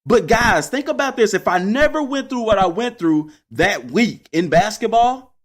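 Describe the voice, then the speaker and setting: Animated high-voiced man. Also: moderate pace. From Texas. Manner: animated, addresses listeners as y'all. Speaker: podcast host. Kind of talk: casual storytelling monologue.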